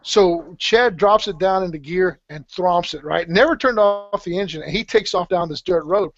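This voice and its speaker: Man, high voice, rambling, full of restarts, dry muffled sound. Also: normal speed, no room sound. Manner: rambling, many restarts and fillers, swears freely. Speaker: podcast guest telling a story. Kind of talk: casual storytelling. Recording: dull, slightly muffled podcast audio.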